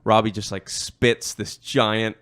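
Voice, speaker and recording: Young guy hosting a chat, kinda low smooth voice, lots of um and like, keeps restarting sentences. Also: little pitch movement, slow pace, a bit bright. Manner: rambling storyteller, frequent fillers and restarts. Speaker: host. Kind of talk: casual conversation.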